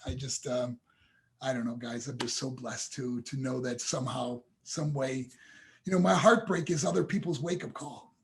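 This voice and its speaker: Speaking at a normal pace with vocal fry, this motivational speaker joins a podcast by video call and shares a heartfelt personal story. His medium-pitched voice stays steady as he earnestly addresses the hosts as "guys."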